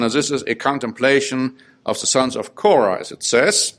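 A man's voice: mid-range voice, normal speed, a bit bright. A man preaching a sermon who reads psalms aloud and explains them, with his voice rising on the pleas. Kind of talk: sermon with scripture reading.

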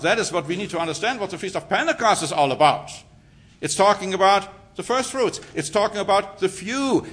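Emphatic bright-voiced male preacher. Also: high voice. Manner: emphatic, rhetorical questions, reads scripture aloud. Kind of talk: sermon.

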